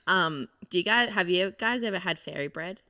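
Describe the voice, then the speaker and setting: An Australian woman in casual chat, animated and full of fillers. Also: fairly low pitch, normal speed. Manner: chatty, animated, trailing fillers. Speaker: co-host.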